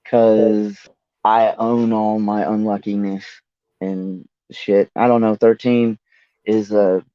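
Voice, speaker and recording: A man's voice: lowish voice, little pitch movement, takes it slowly, no room sound. A man talking as a guest rapper in a rambling, laid-back way, swearing casually. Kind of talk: casual interview chat. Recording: dull lo-fi dry audio.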